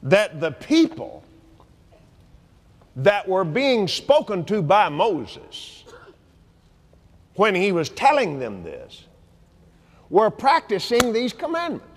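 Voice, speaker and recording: A man preaching a sermon at a convention, folksy and animated, sometimes shouting and leading the crowd in repeating lines. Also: high voice, takes it slowly, long pauses. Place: large convention hall. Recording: long hall reverb.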